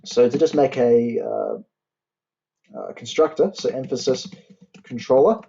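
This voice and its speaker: A man's voice: mid-range voice, vocal fry, warm tone, lo-fi sound. Man dictating code in a tutorial. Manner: talks while typing code, spells out syntax slowly. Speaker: university tutor. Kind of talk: coding tutorial.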